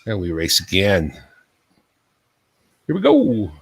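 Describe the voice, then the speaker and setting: A man hosts a casual live stream with a bouncy, lively voice that rises and falls a lot. He jokes and teases himself as he chats along. The sound is dry and close, with no room echo. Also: sits low, slow pace, gravelly, slightly rough. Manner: joking, self-mocking, chatty. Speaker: livestream host.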